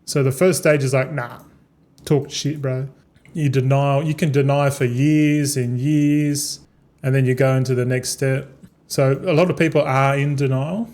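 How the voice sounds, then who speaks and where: A man's voice: mid-range voice, steady tone, normal speed, darkish tone. A young man streaming a game, rambling casually with many restarts and swearing as he talks. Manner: repetitive, stumbling, swears freely. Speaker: gaming streamer.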